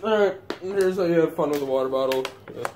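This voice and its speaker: A man's voice: a little high, fast, a little mellow, a little hiss or hum. A man vlogging casually, swearing constantly with blunt running commentary. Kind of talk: casual self-filmed vlog.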